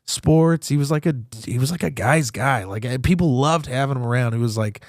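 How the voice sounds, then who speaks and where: A man's voice: medium pitch, a little fast, no echo, clean studio sound. A young man, a comedian and podcast host, talking candidly and profanely about grief, rambling and laughing through it. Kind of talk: candid casual talk.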